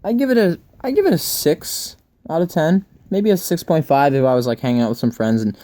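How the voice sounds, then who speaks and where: A man's voice: on the high side, fairly quick, mellow. A young man co-hosting a casual movie review chat, upbeat and full of fillers. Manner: chatty, upbeat, filler-heavy.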